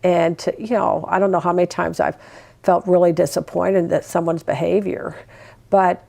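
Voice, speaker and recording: Older mother, interview guest, chatty storyteller, slight fry. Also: on the low side, little pitch movement, normal speed, mellow. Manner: chatty storytelling, acts out her own words to her kids. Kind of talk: casual sit-down interview.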